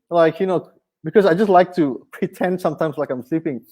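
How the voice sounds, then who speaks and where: A man preaching a sermon in an animated, conversational way with touches of humor. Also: on the high side, moderate pace. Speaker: pastor.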